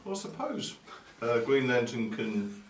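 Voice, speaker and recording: A man's voice: medium pitch, very animated, measured pace. A man hosting a tabletop game, chatting casually with lots of hesitant ums and jokes at his own expense. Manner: chatty, self-mocking, hesitant with many ums. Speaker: tabletop game player and host. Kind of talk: casual gameplay banter. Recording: roomy sound from a distant mic with some noise.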